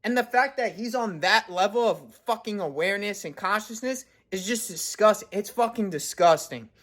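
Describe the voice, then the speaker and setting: A man's voice: high-pitched, moderate pace, a bit bright. A man in his twenties giving a blunt, profanity-heavy motivational rant as a vlogger. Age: 20s. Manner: blunt, heavy swearing, intense.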